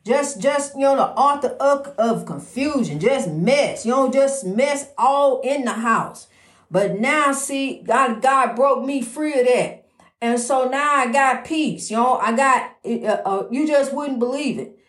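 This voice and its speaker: A woman giving a slow, repetitive, faith-filled personal monologue, often calling the listener "honey" and lifting into a sing-song lilt. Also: high voice. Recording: echoey room.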